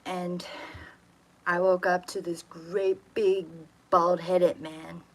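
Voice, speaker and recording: A woman with a lowish voice from Atlantic Canada tells a personal story in a casual, rambling way. She is blunt and swears freely as she talks. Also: little pitch movement, takes it slowly, poor audio.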